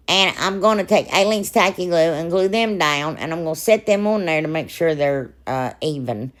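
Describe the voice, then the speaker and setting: A woman, hoarse and froggy from a sore throat, narrating a crafting video in a rambling, chatty way with lots of asides. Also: low voice. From Ohio, US. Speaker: crafting channel host. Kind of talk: casual DIY voice-over narration.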